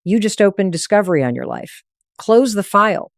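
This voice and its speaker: A woman's voice: medium pitch, animated, a little fast, vocal fry, no echo, studio quality. A woman narrating a scripted motivational talk, coaching firmly in short, punchy phrases.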